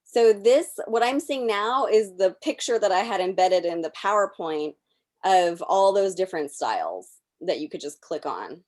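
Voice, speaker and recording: A woman presenting a workshop over a video call, explaining software step by step as she clicks through it. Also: medium pitch, lively intonation, normal speed. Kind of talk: live software demonstration.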